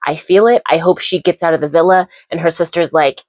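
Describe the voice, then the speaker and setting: A woman's voice: low-pitched, steady tone, a little fast, hardly any pauses, darkish tone, dry recording. A young woman chatting casually at bedtime, chatty and opinionated, getting heated as she rants. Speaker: vlogger.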